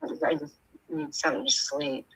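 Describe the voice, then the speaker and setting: A woman's voice: sits low, little pitch movement, moderate pace, a crowd in the background, poor audio. An older woman chatting casually as a stream host, telling stories and laughing often. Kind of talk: casual chat.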